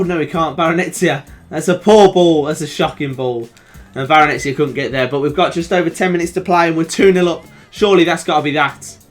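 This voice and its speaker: A young man with a Birmingham accent talks his viewers through a football video game in a high, bright voice. He shifts from easy chat to loud, excited shouts when a chance comes. Faint game music plays under his voice. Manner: excitable, swings from calm chat to shouting at goals. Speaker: gaming YouTuber. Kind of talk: live commentary over a football video game.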